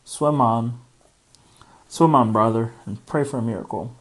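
A man's voice: mid-range voice, measured pace, breathy edge, rough recording. A man reading aloud as a stubborn young male frog who pleads with his brother not to give up. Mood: urgent.

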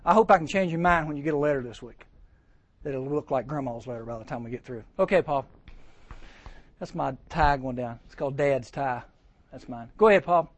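A man preaching a storytelling sermon at a teen camp chapel, animated and acting out the voices he quotes. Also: mid-range voice, a little fast.

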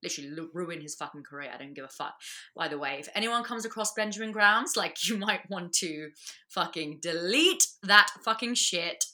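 A woman, a guest on a casual chat podcast, talking bluntly and swearing freely with lots of quick restarts. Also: lowish voice, expressive, sharp tone.

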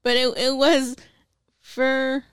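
A woman's voice: high-pitched, monotone, slow, fairly bright tone, clear, resonant tone, no echo, clean studio sound. A woman co-hosting a casual movie podcast, giggling as she retells scenes. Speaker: podcast co-host.

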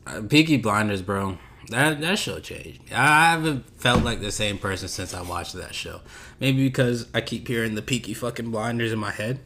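A man's voice: lowish voice, expressive, moderate pace, bright, forceful tone. A man hosting a casual solo podcast, talking in a laid-back, rambling, slangy way that drifts off topic. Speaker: podcast host.

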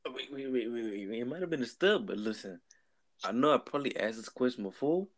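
A co-host chats casually, teasing and cutting in with questions. The voice sits mid-pitch and moves around lively. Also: a little fast. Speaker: podcast co-host. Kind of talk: casual chat.

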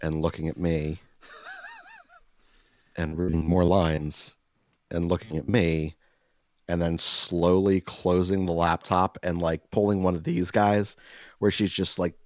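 A man telling a personal story in a loose, animated way, cursing freely and acting out what people said. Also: sits low, measured pace, pauses often, no room sound. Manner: animated, profane, acts out dialogue. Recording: dull, dry lo-fi sound.

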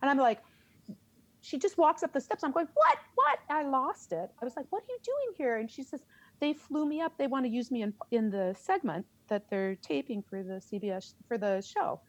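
A middle-aged woman, a theater teacher, telling a story in an interview, animated and laughing as she acts out her reactions. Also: on the high side, moderate pace, dry recording.

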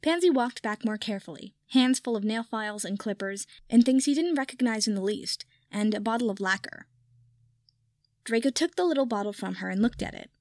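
A woman narrating a piece of fan fiction aloud in a steady storytelling manner. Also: on the high side, fairly quick, dry recording, studio quality. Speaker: reader.

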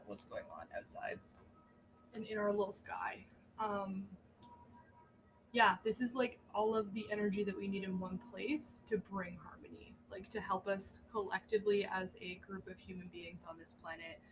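Against background noise, a woman with a mid-range voice co-hosts a podcast. She talks casually about astrology and spirituality, with plenty of swearing and frequent laughter.

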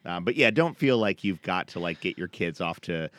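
A man's voice: low-pitched, animated, normal speed, fairly bright tone, no echo. A man in his fifties chatting casually as a podcast co-host, self-deprecating and chatty. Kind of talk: casual chat.

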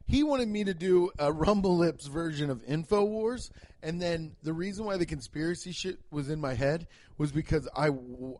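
A young man talks his way through a casual comedy podcast monologue, swearing freely and rambling from one story to the next. His voice sits fairly high for a man, and it jumps up suddenly whenever he acts out a punchline. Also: a little mellow. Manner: profane, jokey storytelling with abrupt pitch jumps.

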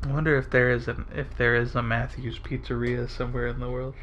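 A woman's voice: very deep voice, little pitch movement, a little fast. A woman co-hosting a podcast in casual chat, dropping dry, teasing remarks. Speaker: podcast co-host. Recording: dull lo-fi sound.

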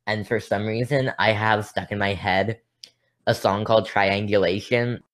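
A woman with an unusually deep, low-pitched voice chats on a podcast. She rambles from thought to thought and pokes fun at herself, keeping it loose and easygoing. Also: steady tone, normal speed. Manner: chatty, rambling, self-deprecating. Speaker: podcast co-host. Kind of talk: casual chat.

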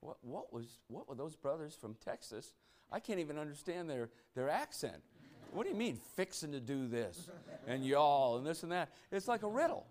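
A man's voice: fairly high pitch, big pitch swings, normal speed, darkish tone. A man leading an interactive Bible study, preaching emphatically and firing rhetorical questions at his listeners. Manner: emphatic, keeps asking "you know what?", exclamatory bursts. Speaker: church meeting leader.

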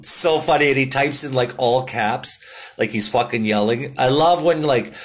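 A man hosting a casual solo podcast, laid-back and swearing constantly, with lots of fillers. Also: lowish voice. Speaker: podcast host.

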